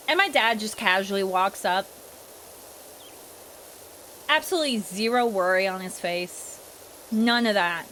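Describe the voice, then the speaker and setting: Speaking unhurriedly with long pauses, a young woman with a Midwestern accent chats through a story to her stream as she plays. She's animated, and her pitch shoots up when exasperated; the low-quality audio carries slight hiss or hum.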